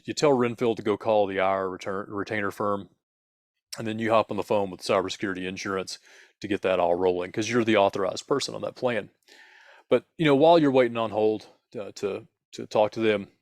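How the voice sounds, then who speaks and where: A man's voice: on the low side, dry recording, clean studio sound. A man co-hosting a podcast, telling a playful, dramatic spooky story in the second person.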